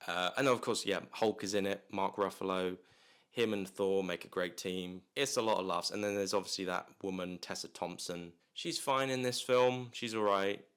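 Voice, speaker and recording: A man's voice: low voice, steady tone, moderate pace, a bit bright, clear, resonant tone. A man reviewing a movie in a casual, rambling way, full of restarts, fillers and jokey asides.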